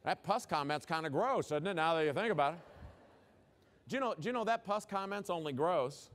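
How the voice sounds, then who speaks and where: A man, a former principal, gives a conference keynote at a brisk clip. His voice sits a bit above the usual male range. He drives his points home with punchy rhetorical questions and folksy jokes. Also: fairly high pitch, animated, a bit bright. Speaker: education speaker, former principal.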